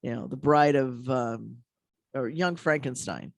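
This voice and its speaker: A man's voice: mid-range voice, measured pace, vocal fry, no room sound. This is a rabbi on a call-in radio show, a man with a mid-range voice. He chats casually, laughs easily and often starts a sentence over. The microphone sound is close and dry. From American Midwest.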